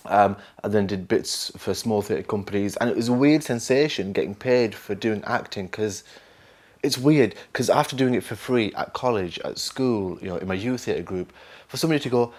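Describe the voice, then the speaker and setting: A man's voice: on the low side, moderate pace. A young man with a Lancashire accent, telling stories in an unscripted interview, rambling and self-mocking. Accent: Northern English, Lancashire. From England, Burnley. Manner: rambling, self-mocking storyteller with laughs and mimicry. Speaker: actor interviewee.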